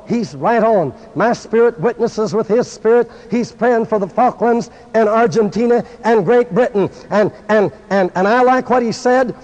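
High-voiced fervent male preacher in a hall. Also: darkish tone. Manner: switches into French mid-sermon. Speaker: evangelist preacher. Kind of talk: sermon to a crowd of preachers. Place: large church or conference hall. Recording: dull lo-fi archive recording in a reverberant hall.

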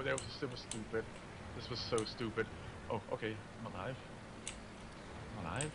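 A man playing a tank game with friends, excitable, shouting and swearing in tense moments. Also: mid-range voice, moderate pace, vocal fry, pauses often. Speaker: gamer teammate on voice chat. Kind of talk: gaming voice chat. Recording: noisy voice chat line.

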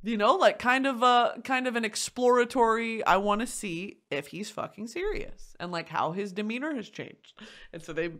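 A woman hosting a podcast, chatting casually in an animated way, swearing often and laughing through a story. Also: on the low side. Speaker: podcast host. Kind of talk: casual chat.

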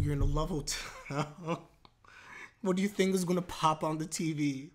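A man's voice: a little high, steady tone, normal speed. A man casually reacting to an anime episode, talking to his viewers with exclamations and laughter.

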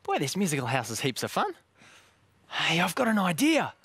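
A woman's voice: lowish voice, wildly swooping pitch, normal speed, fairly bright tone, husky, dry recording. A woman presenting children's TV, bubbly and giggly, breaking into song. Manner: bubbly, giggly, sings along.

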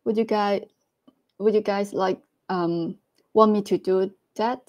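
Slow-talking woman hosting a livestream. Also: mid-range voice, fairly even intonation, darkish tone, highs cut off. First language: Cantonese. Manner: slow, halting, laughs often. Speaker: livestream host. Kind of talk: casual live-stream chat.

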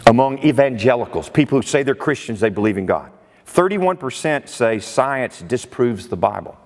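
A man's voice: medium pitch, lively intonation, moderate pace, long reverb tail. A male preacher delivering a sermon in an emphatic way, often exclaiming in disbelief. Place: church sanctuary.

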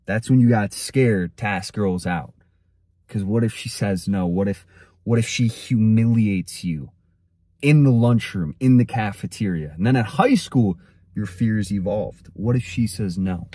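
A man's voice: on the low side, a little slow, warm tone, slightly rough, dry recording, clean studio sound. A young man delivering a blunt, slangy motivational monologue and telling a story straight to the viewer. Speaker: motivational content creator.

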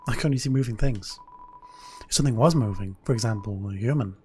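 A woman voicing a suspicious guard dog who mutters slowly. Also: very deep voice, dark tone, slight background noise, pitched below the performer's own voice.

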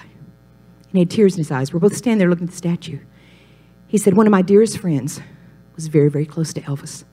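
A woman from Mississippi, a pastor's wife telling her testimony on a talk show, animated and dropping to hushed whispers for emphasis. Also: low-pitched, slightly rough. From Mississippi, USA.

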